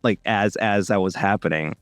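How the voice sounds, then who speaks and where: A man's voice: fairly low pitch, normal speed, dry recording, clean studio sound, soft background music. A young man from India with an American accent, a voice actor rambling casually with many fillers in an interview. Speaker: voice actor guest.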